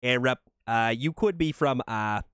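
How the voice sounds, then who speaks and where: Slow-talking man narrating gameplay. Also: medium pitch, fairly bright tone, clean tone, no room sound, studio quality. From New England, USA. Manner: chatty and joking, repeats words when starting sentences. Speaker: livestream gamer. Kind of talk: casual gameplay commentary.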